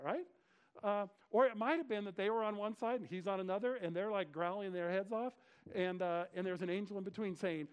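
A male pastor giving a conversational sermon, retelling scripture with lively slang asides. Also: high-pitched. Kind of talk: expository sermon.

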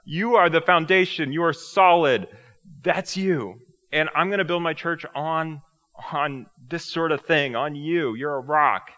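A man putting on a loud, emphatic tough-guy voice, raised well above his usual pitch, to hype up a friend. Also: a little slow, big-room sound. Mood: pumped up.

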